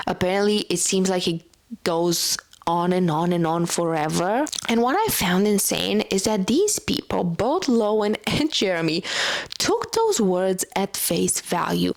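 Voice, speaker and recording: Gravelly-voiced woman recapping a book. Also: mid-range voice. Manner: chatty retelling with frequent "like" and swearing. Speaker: book reviewer.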